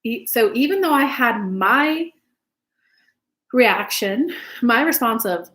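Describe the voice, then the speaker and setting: A woman with a fairly high, slightly bright voice speaks slowly and expressively, pausing often. As a spiritual advice channel host, she gives chatty, loose relationship advice, cursing at times and acting out small exchanges.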